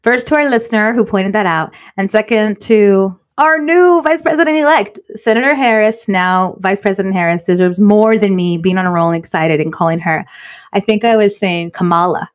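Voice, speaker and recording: A woman co-hosting a podcast in casual chat, talking fast in an earnest way. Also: medium pitch, lively intonation. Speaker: podcast co-host.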